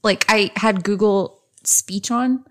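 A woman co-hosts a true-crime podcast in easy, casual chat. She teases her partner and laughs often, her voice sitting at an ordinary middle pitch. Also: slow pace. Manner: playful, teasing, laughs often. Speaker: podcast co-host.

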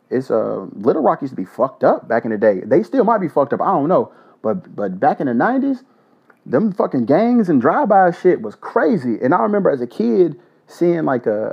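A man hosting a casual solo podcast, blunt and profane, giving joking shout-outs. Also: on the high side, vocal fry, slightly rough. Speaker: podcast host. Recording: dull lo-fi audio.

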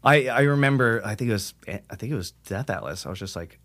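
This podcast guest, a metal singer, has a lowish, fairly bright voice and talks fast and expressively. He rambles casually, curses freely, and performs the remarks of others. There's no room sound.

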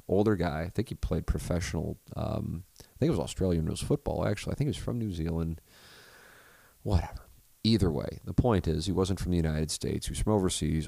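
A man's voice: low-pitched, creaky, dry recording. A man hosting a podcast in casual chat, rambling, self-correcting and swearing freely. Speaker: podcast host.

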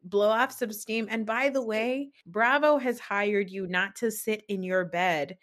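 A woman co-hosting a casual podcast chat, animated and profane, acting out quotes as she talks. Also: medium pitch, measured pace. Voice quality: parent. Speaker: podcast co-host.

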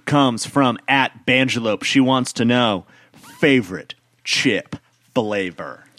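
A man's voice: medium pitch, slow pace, a bit bright, a little hiss or hum. A young man hosting a casual podcast, joking around and reading listener questions aloud to his friends. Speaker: podcast host.

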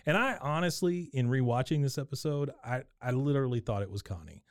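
A man's voice: mid-range voice, animated, brisk. A man co-hosting a podcast, chatting casually and acting out the scenes he retells by slipping into quoted voices. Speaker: podcast co-host. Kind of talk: casual recap chat.

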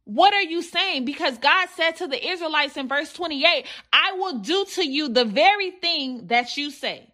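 A woman's voice: high-pitched, animated, moderate pace, hardly any pauses, bright, forceful tone. A woman, hosting a Christian podcast and preaching a devotional sermon in a repetitive, direct cadence.

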